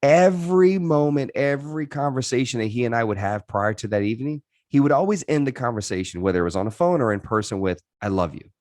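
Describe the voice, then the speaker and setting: A man's voice: medium pitch, fast talker, hardly any pauses, darkish tone, no room sound, studio quality. A man in his thirties, a podcast guest, telling his life story in an earnest, reflective way with frequent restarts. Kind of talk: candid interview storytelling.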